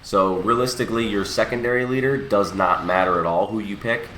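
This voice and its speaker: A young man's lowish, slightly bright voice moves fairly quickly with fairly even intonation, set in an echoey room with slight background noise. A gaming channel host who is sniffly and a bit under the weather from a cold, he gives a casual mobile game walkthrough, explaining and self-correcting as he goes.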